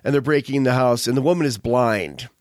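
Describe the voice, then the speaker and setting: A man talks in loose, rambling casual chat, drifting from one tangent to the next with plenty of fillers. His voice sits at an ordinary middle pitch. The sound is dry and close, with no room around it. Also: quick pace, no room sound. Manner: rambling, digressive, frequent fillers. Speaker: podcast host.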